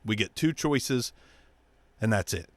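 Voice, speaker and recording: A man hosting his own show, ranting bluntly about politics with heavy swearing and mocking, squeaky impressions of other people. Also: lively intonation, unhurried, no echo. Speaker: show host. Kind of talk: profane political rant.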